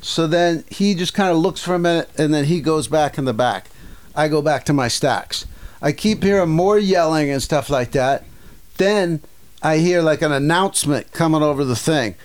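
Animated man telling a story. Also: fairly high pitch, moderate pace. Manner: animated storyteller, acts out yelling and voices, swears. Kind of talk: casual storytelling chat.

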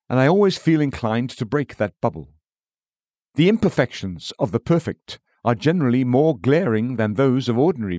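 A man reading aloud an old-fashioned sermon in a measured, emphatic preaching manner. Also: mid-range voice, darkish tone, no echo, clean studio sound. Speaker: sermon reader. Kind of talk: read-aloud Victorian sermon.

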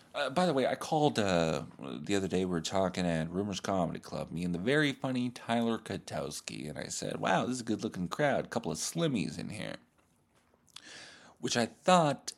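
A comedian and podcast host talking alone, rambling in a profane, self-deprecating way. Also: male voice, fairly low pitch. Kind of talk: solo podcast monologue.

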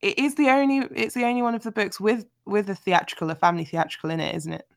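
A woman hosting a casual book discussion, talking in an animated, chatty way with frequent filler words. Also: mid-range voice, fast talker, no echo, studio quality. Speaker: podcast host.

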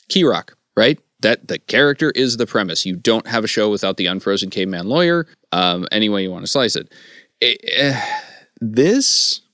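A man's voice: on the low side, a bit bright, clean tone, no echo, studio quality. A man talking through comedy writing in a casual panel discussion, thoughtful and a little academic. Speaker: podcast panelist.

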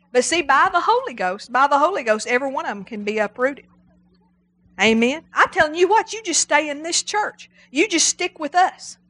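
A middle-aged woman preaching a sermon, animated and emphatic, repeating her exhortations. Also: high voice.

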